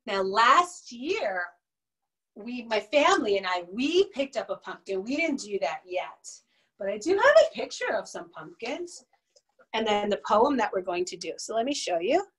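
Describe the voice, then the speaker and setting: A woman's voice: fairly high pitch, big pitch swings, normal speed. A woman teaching a children's music and movement class, singing songs and chanting with young kids. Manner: sings and chants songs, bright and coaxing with kids.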